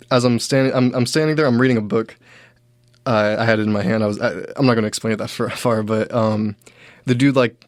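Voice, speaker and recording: A man's voice: medium pitch, dry recording. Rambling young man telling stories. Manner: rambling, filler-heavy, quoting others in raised voices. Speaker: comedian host. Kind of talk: casual storytelling monologue.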